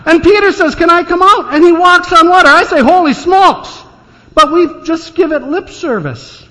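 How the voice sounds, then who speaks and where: A man's voice: very high-pitched, lively intonation, moderate pace, pushed and bright. An older man preaching a storytelling sermon, folksy and anecdotal, with dry jokes. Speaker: pastor. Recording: dull sound in a reverberant church hall.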